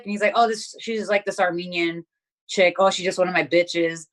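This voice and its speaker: Young woman guest, a bit low-pitched, blunt and profane, casual chat. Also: steady tone, a little fast. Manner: blunt, profane storytelling, heavy filler words. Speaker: interview guest.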